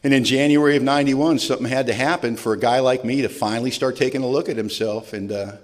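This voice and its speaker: A man's voice: medium pitch, fast talker. A man in his forties telling his own recovery story to an audience, with a self-deprecating, humorous way of talking. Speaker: recovery meeting speaker. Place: large event hall. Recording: long reverb of a large hall.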